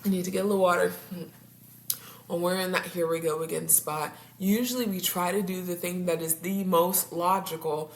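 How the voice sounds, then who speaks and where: Lady couples therapist chatting straight to her viewers, kinda low voice, laughs and stumbles over words, faint hum behind. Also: fairly even intonation, moderate pace. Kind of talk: casual talk to camera. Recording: roomy echo, faint background hum.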